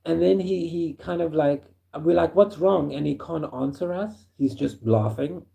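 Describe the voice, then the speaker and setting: A man from Africa, telling a first-person story in an animated way and chuckling as he goes. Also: a little high, moderate pace, vocal fry. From South Africa.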